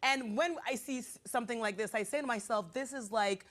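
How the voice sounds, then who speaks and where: A woman's voice: fairly high pitch, a little fast, a bit bright. Bubbly woman morning-show host. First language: Nigerian heritage. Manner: bubbly, self-deprecating, chatty. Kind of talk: casual chat.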